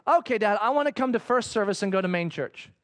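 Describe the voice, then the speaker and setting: A pleading, insistent nine-year-old girl who refuses to budge, acted by a man. The voice rides high and whiny, recorded close and dry. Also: lively intonation, fast, a bit bright, no room sound. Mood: firm. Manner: whiny, pleading, higher pitched.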